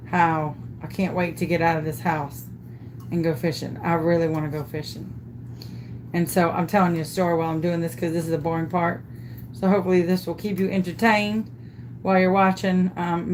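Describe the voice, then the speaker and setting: A woman's voice: fairly low pitch, a little hiss or hum. Chatty woman telling a story. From Louisiana. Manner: animated, chatty, self-amused storyteller. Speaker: craft vlogger. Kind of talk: storytelling while crafting.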